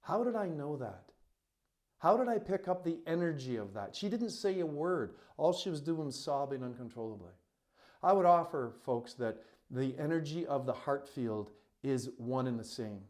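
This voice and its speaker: A man with a voice of middling pitch speaks as a coach telling a personal story to camera. He talks earnestly and with emphasis, leaning on "you know" as he goes. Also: a little mellow. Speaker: coach and retreat facilitator.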